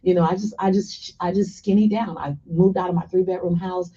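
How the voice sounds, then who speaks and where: Mellow-voiced woman telling a motivational story. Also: fairly low pitch, fairly even intonation, brisk, husky. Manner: emphatic, repeats phrases for effect. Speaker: guest speaker. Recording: slightly muffled radio broadcast.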